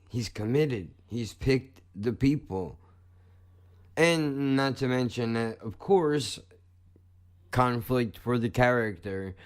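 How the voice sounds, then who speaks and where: A man's voice: mid-range voice, smooth. A man hosting a podcast in casual chat, blunt and profane, joking as he talks. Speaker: podcast host.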